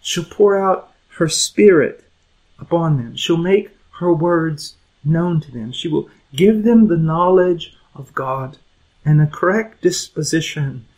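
A middle-aged man preaching an impassioned sermon, moving between loud emphasis and hushed, quiet lines. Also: a little high, lively intonation, takes it slowly, rough recording.

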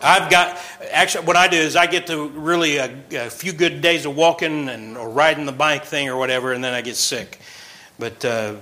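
A man over forty gives a relaxed sermon to a small group. His voice is bright and a little high for a man. He jokes and laughs easily between his serious points. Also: low-quality recording. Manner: chatty, joking, quick laughs between points. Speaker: pastor.

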